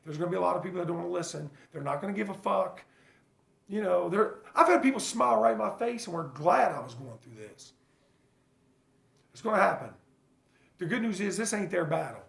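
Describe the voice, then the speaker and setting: A man's voice: high-pitched, animated, gravelly, roomy sound. A father talking earnestly and bluntly about his struggles, swearing freely and stopping often to restart his thoughts. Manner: halting, full of fillers and restarts. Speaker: father sharing his recovery story. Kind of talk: casual personal vlog monologue.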